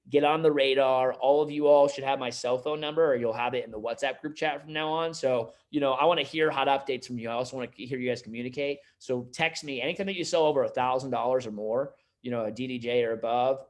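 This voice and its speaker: Quick talking guy hyping up his sales team, casual pep talk vibe. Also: mid-range voice. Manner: energetic, pep-talk delivery with lots of "like" and "you know". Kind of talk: motivational team meeting talk.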